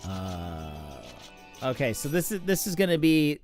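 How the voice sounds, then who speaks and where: A man's voice: on the high side, big pitch swings, a little slow, a little mellow, faint music behind. A man hosting a game stream, chatting casually and getting distracted by his game, with lots of fillers. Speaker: streamer host. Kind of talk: casual chat while gaming.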